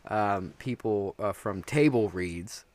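A man's voice: lowish voice, slow, a crowd in the background. A man hosting a casual podcast, rambling and trailing off with lots of fillers. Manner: rambling, hesitant, many fillers. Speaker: podcast host. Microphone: video camera setup.

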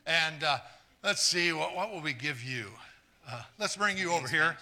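A man preaching a live sermon, earnest and stumbling over repeated words, trading jokes with the congregation and swinging from quiet asides to fired-up exclamations. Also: fairly high pitch, expressive, normal speed. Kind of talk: live sermon with audience volunteers.

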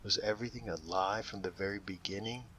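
A man voicing a distraught betrayed wife with anguished, shrill outbursts in a spoken story. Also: brisk, sharp tone, a little hiss or hum.

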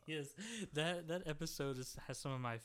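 A man's voice: on the high side, normal speed, clean tone. A man co-hosting a podcast, chatting casually and animatedly and laughing often. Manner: animated, laughs often, quotes lines in voices. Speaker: podcast co-host. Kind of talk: casual chat.

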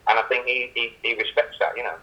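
A man's voice: medium pitch, level tone, fast, bright, forceful tone, muffled recording. A man, a book author, telling rambling anecdotes as a guest on a radio interview. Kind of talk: casual interview.

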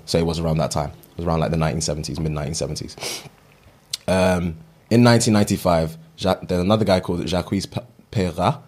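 Deep-voiced with a darkish tone, this podcast co-host trips over names while reading a fun fact during a casual chat, then laughs at his own stumbles.

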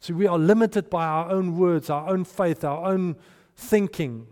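A man preaching a sermon, animated and storytelling, with restarts and hushed asides. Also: sits high, unhurried. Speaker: pastor. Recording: long hall reverb.

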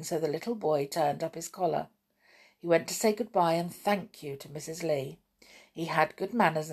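A woman reading a children's story aloud, gently and expressively. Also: deep voice, husky.

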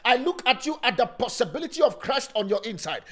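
A male pastor preaches with a strikingly high, lively voice that swings up and down in sing-song phrases. He stresses points emphatically, then slows and softens them almost to a hush. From Africa. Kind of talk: sermon.

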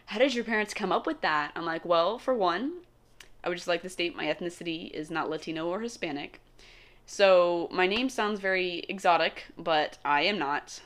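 Young woman, lowish voice, chatty vlog delivery with frequent laughs and asides. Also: normal speed, fairly bright tone. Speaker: vlogger. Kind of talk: casual monologue.

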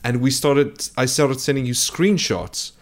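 A man's voice: mid-range voice, unhurried. Wry bemused man podcaster. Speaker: podcast co-host. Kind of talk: casual chat.

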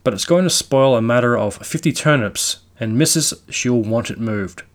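A man's voice: medium pitch, moderate pace, close to an everyday voice. A man voicing a worried married village landlord who talks in plain, fretful country speech.

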